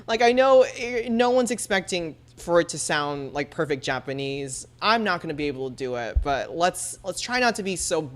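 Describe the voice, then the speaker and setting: A woman's voice: lowish voice, animated, moderate pace. A woman streamer chatting casually and laughing often, using many fillers. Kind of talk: casual chat.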